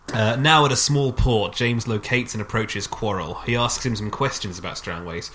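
A podcast host with a fairly low yet rather bright voice recounts a film's plot, then drifts into casual chat about it, restarting his sentences often. A slight hiss or hum sits under the recording.

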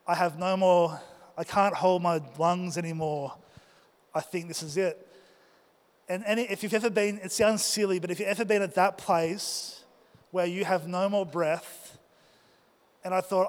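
High-voiced man telling a story in a hall. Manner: animated, acts out his own thoughts and shouts. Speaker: speaker addressing a live audience. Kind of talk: personal storytelling talk. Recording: reverberant hall.

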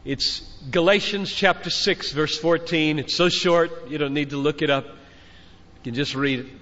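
A man's voice: a little high, a little slow, a bit bright. An older man preaching a fervent sermon to a conference crowd, exhorting his listeners and building up phrase by phrase like a father speaking to his children. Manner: fervent, exhorting, repeating phrases with rising intensity. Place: large conference hall. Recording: dull sound with long hall reverb.

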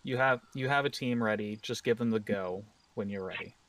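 A man's voice: on the low side, brisk, a bit bright, no echo, far from the mic. A man running a tabletop role-playing game as game master, narrating scenes in a casual, joking way and correcting himself as he goes.

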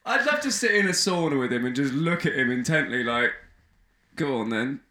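A man riffing crudely on a casual comedy podcast. His voice is bright and swings widely in pitch as he laughs through his jokes. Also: sing-song, quick pace. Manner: crude, jokey, laughs often, puts on silly voices. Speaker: podcast co-host.

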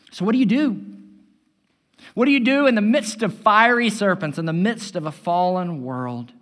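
A man preaching a sermon as pastor, building loud and emphatic and then dropping to a hushed tone. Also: high-pitched. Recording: long hall reverb.

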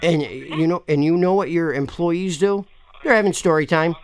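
A man's voice: on the high side, moderate pace, clear, resonant tone. A man making a prank call to a store, rambling, pushy and swearing often. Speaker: caller complaining to a store.

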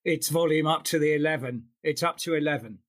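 A man's voice: a little high, brisk, a bit bright. A man who works as an audiobook narrator, talking thoughtfully in an interview with frequent restarts. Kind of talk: interview conversation.

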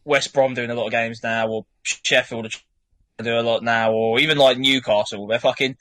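A man's voice: mid-range voice, steady tone, normal speed, fairly bright tone. A young man co-hosting a casual football chat, rambling and swearing freely. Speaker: podcast co-host.

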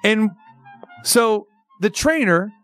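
Very high-voiced ranting sports radio man. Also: takes it slowly, dry recording, faint music behind. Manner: animated, mocking, incredulous. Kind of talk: sports talk radio rant.

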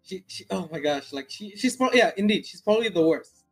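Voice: mid-range voice, expressive, brisk, slightly rough, low-quality recording. Hesitant speaker full of restarts. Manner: hesitant, many restarts and fillers. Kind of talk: casual chat. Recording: faint music in the background.

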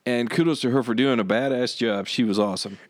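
A man's voice: mid-range voice, fast talker, no echo. Man, easygoing podcast host, dry close sound. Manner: laid-back, laughs often, swears casually. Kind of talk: crude casual banter.

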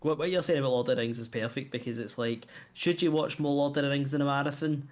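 A man's voice: mid-range voice, steady tone, quick pace. A man co-hosting a podcast, making emphatic points in casual review chat. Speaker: podcast co-host.

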